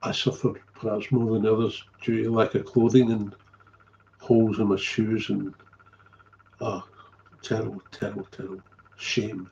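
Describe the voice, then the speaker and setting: A man's voice: fairly low pitch, little pitch movement, normal speed, vocal fry, long pauses, a little mellow, dull audio, a little hiss or hum. A middle-aged man, telling a candid story as a recovery sponsor, blunt and swearing freely, often trailing off and repeating himself.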